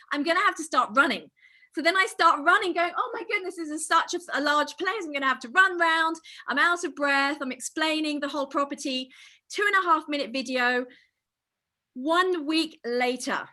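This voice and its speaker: Woman trainer, high voice, bright, energetic, enthusiastic, on a video call. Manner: energetic, enthusiastic, addresses audience directly. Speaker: real estate agent and trainer. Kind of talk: online training presentation.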